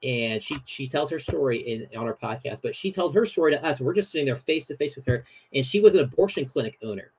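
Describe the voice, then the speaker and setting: A young man, a guest on a podcast, telling a story in a casual, animated way with lots of fillers. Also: medium pitch, quick pace, few pauses, slight background noise, rough recording.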